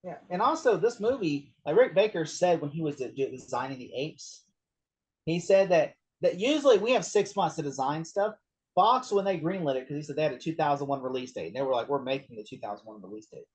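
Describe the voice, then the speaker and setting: A man's voice: fairly high pitch, big pitch swings, fairly quick, darkish tone, husky. A man hosting a casual movie podcast who rambles, riffs with jokes and laughs often. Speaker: podcast host.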